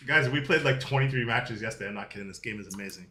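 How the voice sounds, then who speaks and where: Bright-voiced man demoing a board game. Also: mid-range voice, racing, slight background noise. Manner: explains the rules while playing, swinging from loud to quiet. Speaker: product demonstrator. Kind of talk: product demo.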